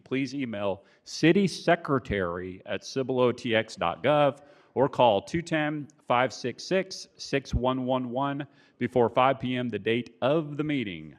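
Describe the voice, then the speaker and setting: A man presiding over a city council meeting, talking in a plain, conversational way with some hesitations. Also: medium pitch.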